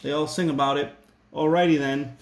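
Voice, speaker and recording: High-voiced Rhode Island teacher. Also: male voice, steady tone, fairly quick, a little hiss or hum. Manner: joking asides, chatty. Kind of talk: casual classroom lesson.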